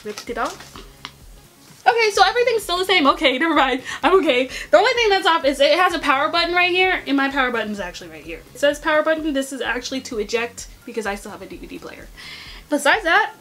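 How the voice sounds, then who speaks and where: A young woman vlogger giving a casual unboxing review, animated and swinging between excitement and exasperation. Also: sits high, fast, soft background music.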